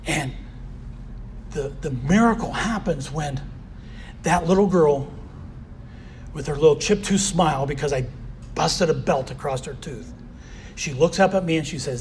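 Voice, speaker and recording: A man's voice: on the high side, normal speed, long pauses, a little mellow, slight background noise. A man giving a candid personal recovery share as a convention speaker, often saying "you know".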